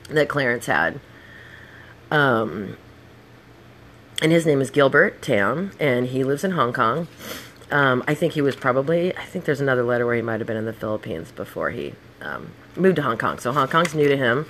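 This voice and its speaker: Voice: medium pitch, very animated, normal speed, a bit bright, a little hiss or hum. Blunt, profane middle-aged podcast host. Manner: blunt and profane, with heated outbursts. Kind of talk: casual storytelling monologue.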